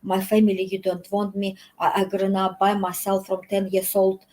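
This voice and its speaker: A woman from Russia with a Russian accent, a guest chatting casually in halting, broken English full of restarts. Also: mid-range voice, completely flat delivery, darkish tone, poor audio. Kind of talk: casual chat. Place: hotel.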